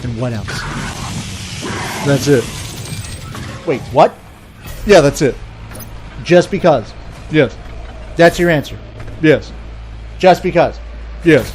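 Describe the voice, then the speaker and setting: A man's voice: a little high, expressive, slow, long pauses, darkish tone, faint music behind, pitched below the performer's own voice. A man voicing an overly cheerful male customer support agent who answers in a polite, scripted way. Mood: calm, patient. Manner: polite, chipper, scripted-sounding.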